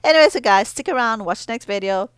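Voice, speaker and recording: A woman's voice: fairly high pitch, lively intonation, fast talker, clear, resonant tone, dry recording. A middle-aged woman vlogging in a casual, rambling way, telling a heartfelt family story while doing her nails.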